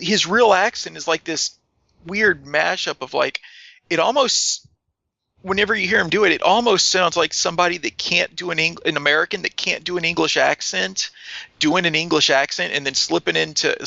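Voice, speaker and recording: A man co-hosting a podcast in casual, animated chat, swearing freely. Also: fairly high pitch, normal speed, gravelly, dry recording, muffled recording. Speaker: podcast co-host.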